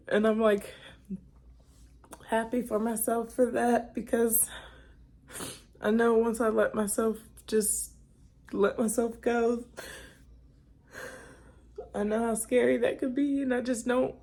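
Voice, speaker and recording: A woman's voice: on the high side, little pitch movement, slow, long pauses, warm tone. A young woman talking to the camera in a personal vlog, emotional and tearful, rambling as she cries on and off. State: crying. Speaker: vlogger.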